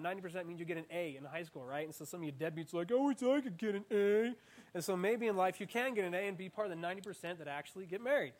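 Young male preacher, high-pitched, animated and playful, leading the crowd in call-and-response. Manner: animated, playful, self-mocking asides. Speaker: student preacher. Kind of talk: interactive sermon.

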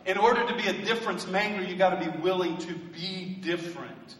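A male pastor preaching a sermon in a church, swelling into loud emphatic bursts and joking asides. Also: sits high, brisk. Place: church sanctuary. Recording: echoey hall from a distant mic.

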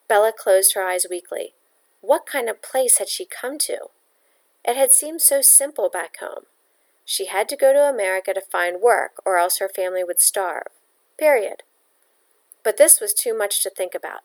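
Woman reader, mid pitch, steady plain storytelling. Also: normal speed. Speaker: audiobook reader. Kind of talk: reading a novel aloud.

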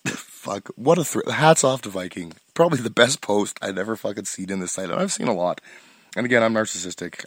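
A man's voice: sits low, fairly bright tone, dry recording. A man hosting a solo podcast, rambling with constant swearing, frequent restarts and bursts of laughter, and sounding stoned. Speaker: podcast host.

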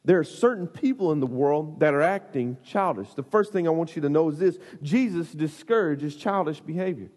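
A man preaching to youth, telling a comic story with lots of fillers in an animated way. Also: a little high, moderate pace, few pauses. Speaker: youth pastor. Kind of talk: storytelling sermon. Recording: long hall reverb.

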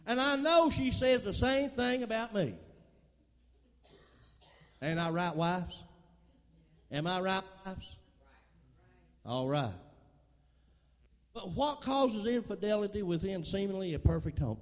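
A man's voice: high voice, sing-song, unhurried, long pauses. A middle-aged man preaching a folksy sermon, calling out to the congregation. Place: church. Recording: long hall reverb.

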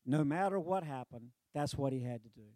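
A man preaching a sermon, retelling a story with lively delivery, sarcastic humor and acted-out quotes. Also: mid-range voice, brisk, no echo.

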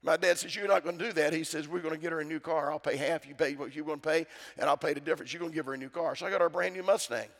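A man's voice: a little high, very fast, hardly any pauses, a bit bright. A middle-aged man preaching a sermon, calling out to his congregation for responses. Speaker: pastor. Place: church sanctuary. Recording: church sound with long reverb.

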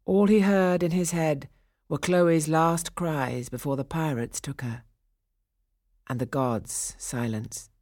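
A woman narrating a storybook audiobook in a slow, expressive, dramatic reading. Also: low voice, dry recording, clean studio sound.

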